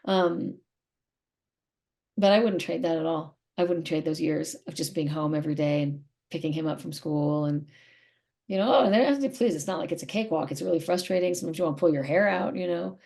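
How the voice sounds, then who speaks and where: A woman's voice: deep voice, fairly quick, creaky, a little mellow. A middle-aged woman speaking candidly as an interview guest, emotional and rambling, often repeating herself.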